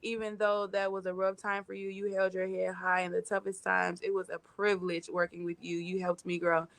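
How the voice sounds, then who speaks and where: A woman on a live stream, tearful and laughing as she gives effusive shout-outs while reading comments. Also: fairly low pitch, flat delivery, brisk, gravelly, dry recording. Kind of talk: emotional casual chat, reading comments.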